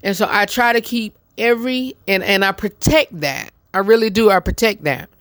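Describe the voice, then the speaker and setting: A man's voice: sits high, moderate pace, fairly bright tone, no room sound. A man hosting his own show, chatting casually to his live-stream audience, rambling with many ums and restarts while eating. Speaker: show host. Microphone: phone.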